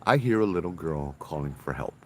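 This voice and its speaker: A man tells a ghost story in a deep, low voice, animated and full of local slang. He talks like a tour guide, casual and dramatic. Faint background noise sits under the recording. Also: a little fast. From Hawaii.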